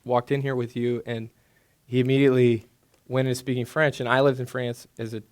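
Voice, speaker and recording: A man with a medium-pitched voice hosting an interview onstage before a live audience. He asks questions in a casual, conversational way and prompts his guest to tell stories. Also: flat delivery, a little fast, a little mellow. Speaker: interview host.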